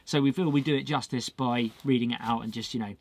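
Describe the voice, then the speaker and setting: A man's voice: mid-range voice, steady tone, quick pace. A male channel host chatting casually as he reads out viewer mail and thanks the senders.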